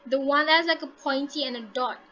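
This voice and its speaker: A woman's voice: sits high, fairly quick, bright, forceful tone, dull audio. A woman teaching English to a class over a video call, encouraging her students and modelling intonation aloud.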